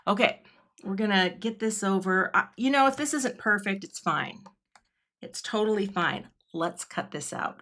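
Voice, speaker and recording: A woman's voice: mid-range voice, expressive, normal speed, fairly bright tone, a little hiss or hum. A middle-aged woman from Washington State hosting a live card-making demo, chatting with her viewers and laughing often as she works. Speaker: craft product designer hosting a livestream.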